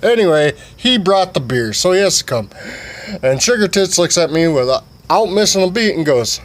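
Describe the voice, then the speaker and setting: A man's voice: sits high, expressive, normal speed. A man vlogging a comic story in a rambling, profane way with many fillers.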